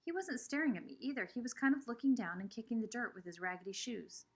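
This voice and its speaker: A woman's voice: a little high, quick pace, breathy edge. A woman reading a children's novel aloud with expression. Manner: expressive, shifting between voices. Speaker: reader.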